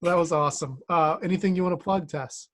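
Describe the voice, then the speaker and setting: A man hosting a streamed storytelling show on a video call, upbeat and relaxed, with a few hesitant fillers. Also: fairly high pitch, fast talker, heavy background noise. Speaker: host.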